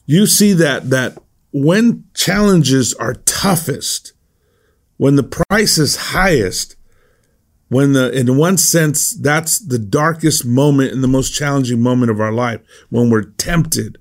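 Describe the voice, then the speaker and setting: A middle-aged man, a pastor, giving a devotional Bible teaching in a conversational way, often repeating words as he gathers his thoughts. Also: mid-range voice.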